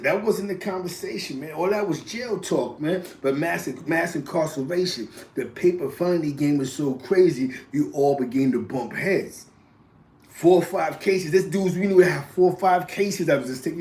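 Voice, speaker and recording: A man's voice: on the high side, expressive, moderate pace, a little mellow. Echoey, slangy New York man telling stories. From New York, East Harlem. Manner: rambling, slangy, punctuated with "you know what I'm saying" and laughs. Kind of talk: casual storytelling.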